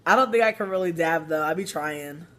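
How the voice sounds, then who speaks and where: A man's voice: on the high side, a little fast, a bit bright. A man ranting casually on a phone livestream, profane and rambling, with lots of "like" fillers. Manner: profane, rambling, heavy use of "like". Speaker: vlogger.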